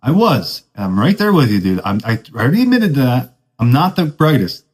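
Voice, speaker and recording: A man's voice: medium pitch, big pitch swings, moderate pace, darkish tone, poor audio. A young man hosting a podcast, telling casual, self-mocking stories in laid-back surfer slang. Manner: laid-back surfer talk, says dude a lot; self-deprecating, laughs at his own stories. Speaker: podcast host. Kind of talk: casual storytelling monologue.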